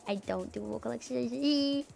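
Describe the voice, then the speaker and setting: Young woman VTuber, raspy and tomboyish, a bit high-pitched, loose and chatty on a home desk mic. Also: brisk, a little mellow, soft background music. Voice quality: slightly raspy, tomboyish rasp. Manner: chatty and loose, swears casually, laughs often. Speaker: VTuber streamer. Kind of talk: casual livestream chat, reading out chat messages. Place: home room. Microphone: desk streaming mic.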